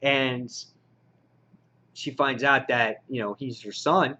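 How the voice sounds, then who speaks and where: A man's voice: medium pitch, steady tone, takes it slowly, pushed and bright, highs cut off. Rambling man reviewing comics. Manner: rambling, frustrated, many fillers. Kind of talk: casual video review.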